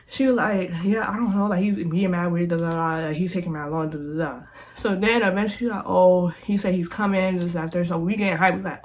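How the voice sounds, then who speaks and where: Animated young woman telling a story. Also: lowish voice, brisk, hardly any pauses, noisy background. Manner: animated, slangy, repeats herself. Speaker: vlogger. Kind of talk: casual storytime.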